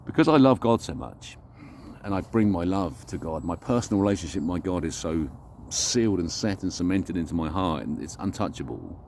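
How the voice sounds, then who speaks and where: A man's voice: low-pitched, animated, brisk, darkish tone, slight background noise. A man vlogging an unscripted, reflective monologue, talking earnestly and searching for his words as he goes.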